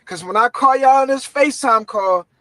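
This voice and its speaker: A man's voice: extremely high pitch, normal speed, pushed and bright, dry recording, rough recording. A man telling a dramatic personal story in casual slang, acting out what everyone said.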